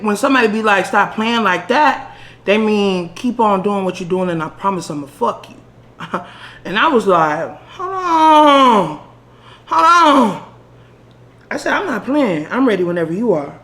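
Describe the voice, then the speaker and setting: Lively woman telling a story. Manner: animated, laughing, acts out quotes in high voices. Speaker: beauty vlogger. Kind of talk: casual storytelling while doing makeup.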